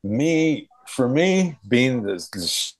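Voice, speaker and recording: A man's voice: medium pitch, sing-song, extremely slow, no echo, poor audio. A man talking casually in an interview, recalling an old concert with many fillers and restarts. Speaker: guest.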